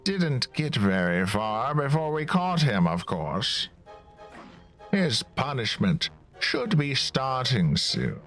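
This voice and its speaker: A man voicing a scornful, bossy male prison guard who taunts the inmates with slow, drawn-out mockery. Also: medium pitch, very animated, a bit bright, faint music behind, voice pushed up. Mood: mocking. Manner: taunting, drawn-out mocking delivery.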